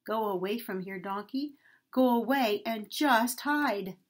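A woman's voice: fairly high pitch, unhurried, slight background noise, close to an everyday voice. A woman doing a mean, scolding donkey owner. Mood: angry. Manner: scolding, raised and huffy. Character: mean, tough grown man, a donkey's owner.

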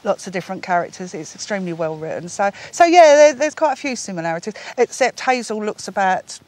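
A woman's voice: mid-range voice, sing-song, fast talker, a little mellow. A middle-aged woman from England, a chatty, self-deprecating actress guest in a studio interview who laughs often.

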